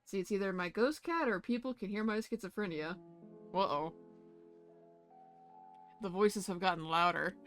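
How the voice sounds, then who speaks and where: A woman's voice: mid-range voice, moderate pace, pauses often, soft background music. A woman streamer chatting playfully with lots of giggles while playing a story game. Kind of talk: casual game commentary.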